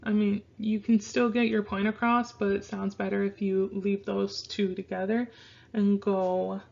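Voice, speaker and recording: Slow, gravelly-voiced woman teaching. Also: mid-range voice, flat delivery, a little mellow, highs cut off. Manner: slow, repeats words for pronunciation practice. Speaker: Spanish teacher. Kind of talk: casual online language lesson.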